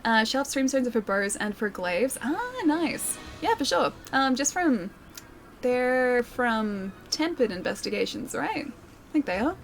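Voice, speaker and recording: A woman's voice: fairly high pitch, big pitch swings, measured pace, soft background music. A young Australian woman streaming a video game, chatting casually, answering viewers and laughing often, with a soothing voice. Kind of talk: casual live-stream chat while gaming.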